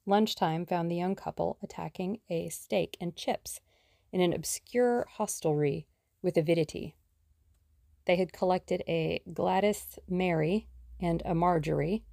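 Low, gravelly woman narrating a novel. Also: mellow, no echo, clean studio sound. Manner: measured storytelling. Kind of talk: audiobook narration.

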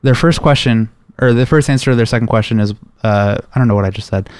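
A man's voice: mid-range voice, quick pace, a little mellow, clear, resonant tone, no echo, clean studio sound. A man hosting a casual gaming podcast, joking dryly and steering the talk between topics. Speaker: podcast host.

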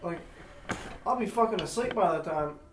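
A man's voice: high-pitched, animated, normal speed, background noise. A young man in casual podcast chat, blunt and swearing constantly. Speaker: podcast co-host. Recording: echoey room, mic far off.

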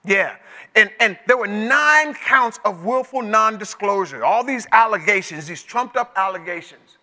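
A male pastor preaching a sermon in a conversational storytelling way that climbs to emotional shouts. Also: high voice, animated, moderate pace. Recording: echoey hall with long reverb.

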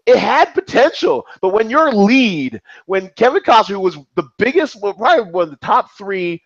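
A man's voice: high voice, moderate pace, no echo, dull audio. A man in his forties hosting a podcast, chatting casually about movies, rambling with restarts and swearing. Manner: animated, profane, rambling with restarts. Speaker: podcast host.

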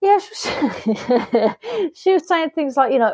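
Woman, higher voice, lively podcast co-host, dry close mic. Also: slow pace, no room sound. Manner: animated, chatty, acts out quoted lines. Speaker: film review podcast co-host. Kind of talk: casual chat.

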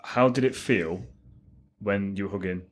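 A man hosting a podcast interview, empathetic and quick, often repeating his words. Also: fairly low pitch. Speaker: podcast host. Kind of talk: conversational interview.

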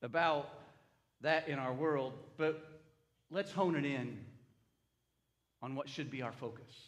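A man's voice: mid-range voice, slow. An older man, a grandfather, preaching a sermon and telling a story to his congregation, asking them for responses. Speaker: pastor.

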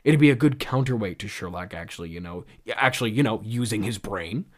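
A man's voice: on the low side, expressive, brisk, pitched below the performer's own voice. A man reading as a sarcastic, snide Victorian doctor. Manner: sarcastic, insulting.

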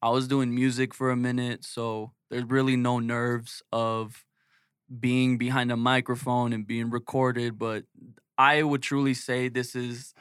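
A man's voice: medium pitch, flat delivery, unhurried, a bit bright, clear, resonant tone, no room sound, clean studio sound. A man co-hosting a podcast in casual chat, joking and loose, now and then reading ad copy. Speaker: podcast co-host.

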